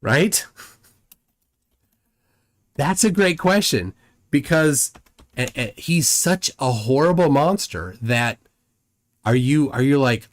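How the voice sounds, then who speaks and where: Hosting a livestream, a man speaks slowly in an animated, mid-range voice broken by long pauses. His rambling commentary mixes in chat comments read aloud, with words repeated often.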